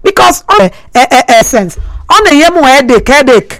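A Nigerian woman hosting a radio phone-in, talking in Pidgin and English, animated and preachy, repeating phrases for emphasis. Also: high-pitched, moderate pace, a little hiss or hum, rough recording.

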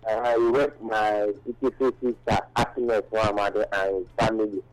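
A Nigerian man calling a radio show, giving halting greetings to his family and pastor. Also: on the low side, fairly even intonation, no room sound. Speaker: caller. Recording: phone call into radio show.

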